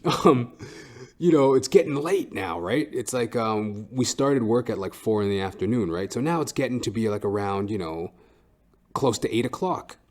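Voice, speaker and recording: A man's voice: medium pitch, lively intonation, moderate pace. A man hosting a podcast, telling a comic story in a profane, ranting way with frequent "right?". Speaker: podcast host.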